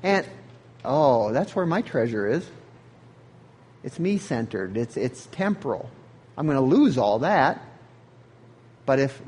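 A man's voice: medium pitch, big pitch swings, slow, long pauses, darkish tone, breathy edge. A man preaching a sermon as pastor, in an earnest, conversational way.

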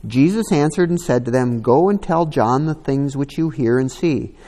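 A man's voice: mid-range voice, normal speed, mellow. A man preaching a sermon, reading scripture aloud and breaking in with casual asides. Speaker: pastor. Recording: long hall reverb.

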